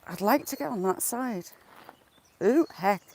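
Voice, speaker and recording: A woman's voice: a little high, animated, measured pace, a little mellow, a little hiss or hum. Chatty woman vlogger, outdoors by a river, phone mic, talks to herself and laughs a lot. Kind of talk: casual walking vlog, chatting to live viewers.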